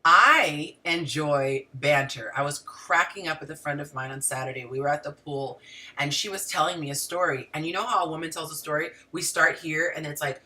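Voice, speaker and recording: A woman's voice: sits low, moderate pace, distant mic. A woman hosting a casual livestream as a relationship coach, talking animatedly and straight to her viewers with frequent asides. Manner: animated, talks to the audience directly with frequent asides. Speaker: relationship coach and show host.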